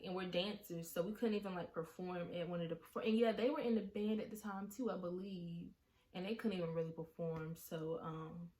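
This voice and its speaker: Reliving something frightening, this woman vlogger recounts an emotional story in a fairly low pitch. Her delivery is halting and shaken, full of fillers and restarts.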